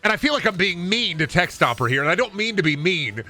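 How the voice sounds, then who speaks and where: A man's voice: high-pitched, sing-song, fast talker, pushed and bright, faint music behind. A man streaming a game, chatting to his audience in a rambling, exaggerated way. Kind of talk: casual live-stream chat.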